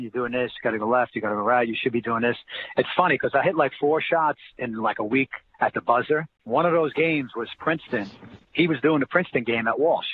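A man, a guest telling stories in a casual interview and acting out quotes. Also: mid-range voice. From New Jersey. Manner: animated storyteller acting out quotes. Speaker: interview guest, former college basketball player. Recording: tinny phone-line audio, faint hiss.

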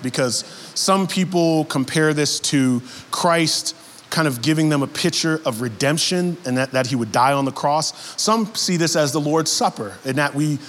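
Male pastor, high voice, casual but animated sermon delivery, long hall reverb. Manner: casual, animated preaching, rising to emphatic.

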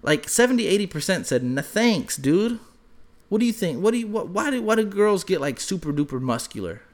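A man's voice: high voice, sing-song, fairly quick. A young man co-hosting a podcast, telling loose stories full of swearing. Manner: loose storytelling, heavy swearing, shouts when acting out quotes. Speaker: podcast co-host. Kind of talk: casual podcast chat.

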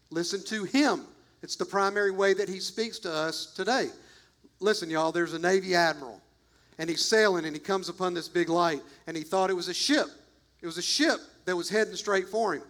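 A man's voice: sits high, a bit bright. A man preaching a sermon as pastor, emphatic and repetitive, talking straight to his congregation.

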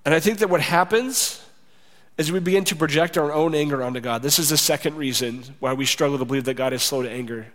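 A man's voice: a little high, quick pace, a bit bright. Man preaching in a reverberant hall. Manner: conversational preaching, acts out quoted voices. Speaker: pastor. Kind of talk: sermon. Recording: long reverb of a large hall.

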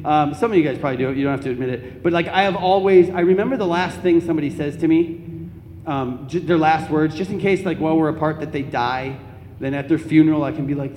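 A young man giving a Catholic talk to an audience, telling comic personal stories in an animated, joking way. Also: fairly high pitch, a little hiss or hum. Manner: animated, comic storytelling with laughs. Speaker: Catholic speaker. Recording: echoey hall, faint ambience.

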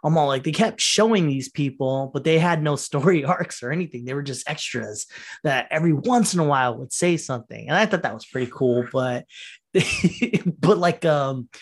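A man talks on his own podcast in a loose, rambling rant, swearing freely. His voice sits a little high for a man. He laughs often and mocks characters in quoted voices. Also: vocal fry, husky. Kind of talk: casual solo podcast rant.

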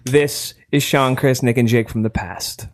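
A man's voice: medium pitch, steady tone, a little slow, slight background noise. A man co-hosting a podcast in casual chat, playful and teasing. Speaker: podcast co-host.

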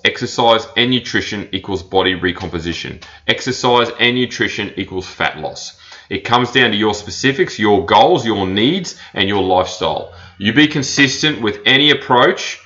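A man's voice: sits low, pushed and bright. Blunt man on a dull podcast recording. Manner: blunt, repeats his points with plain emphasis. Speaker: personal trainer and podcast host. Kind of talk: solo podcast monologue.

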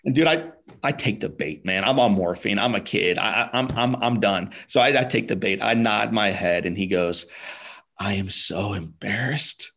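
Guesting on a podcast, a man tells a personal story casually and emphatically, sprinkling in "like," "man," and "dude." His voice is fairly low, gravelly, and fairly bright, moving at normal speed with few pauses, and he repeats words when emotional.

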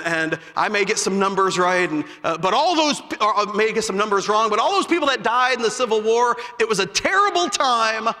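A man from Chicago preaching a sermon with passion, building to shouts and dropping to hushed tones. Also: high-pitched. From south side of Chicago. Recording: long hall reverb.

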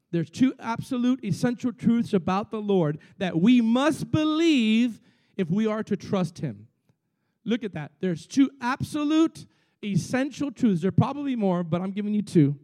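A male pastor delivers a sermon in a high, very lively voice, acting out quotes with big swings between loud and soft. The sound is dry and close, with no room echo.

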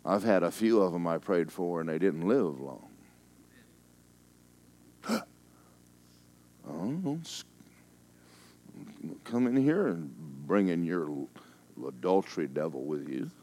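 A man preaching in a very deep register, moving between emphatic declarations and quiet, hushed asides. He tells stories from the pulpit in a folksy way and teases his congregation now and then. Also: very animated, measured pace. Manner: folksy and teasing. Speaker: pastor. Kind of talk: sermon.

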